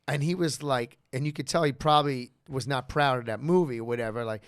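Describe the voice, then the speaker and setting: On a podcast, a male co-host casually tells a story in a mid-range voice at a fairly quick clip, rambling with many fillers and livening up whenever he quotes someone. The sound is smooth and clean, studio quality with no echo.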